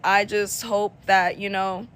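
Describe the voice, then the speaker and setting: A woman's voice: medium pitch, little pitch movement, slow, a bit bright, smooth. A woman telling a storytime in casual talk, blunt and indignant, rambling with plenty of fillers.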